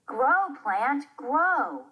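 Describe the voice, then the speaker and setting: A woman's voice: high-pitched, big pitch swings, very slow, narrow, tinny audio, exaggerated voice. A woman reading the part of a helpful young girl in a children's play.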